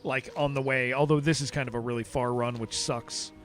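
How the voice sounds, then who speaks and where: A man's voice: mid-range voice, fairly even intonation, brisk, a bit bright, faint music behind. A man streaming a game who chats casually and rambles, often restarting his sentences. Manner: rambling, restarts sentences, says dude a lot. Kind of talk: casual livestream chat.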